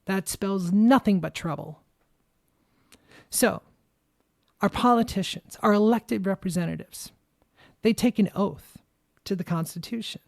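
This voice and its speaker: Podcast host, young woman: furious, emphatic monologue with plenty of swearing, trembling with anger; dark, gravelly tone. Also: mid-range voice, a little slow, long pauses, no echo, studio quality. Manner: angry, emphatic, swears freely. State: shaking with anger. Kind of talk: impassioned political monologue.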